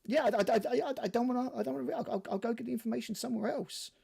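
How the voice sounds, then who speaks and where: Gravelly older man ranting. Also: very high voice, rapid-fire, mellow. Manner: ranting and profane, many fillers. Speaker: podcast co-host. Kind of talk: casual chat.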